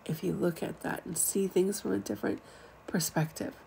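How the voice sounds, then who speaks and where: A woman's voice: lowish voice, normal speed, vocal fry, dark tone, slight background noise, poor audio. A middle-aged woman giving a frank, chatty spiritual talk to online viewers, with casual asides. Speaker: spiritual teacher. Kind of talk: live-streamed spiritual talk.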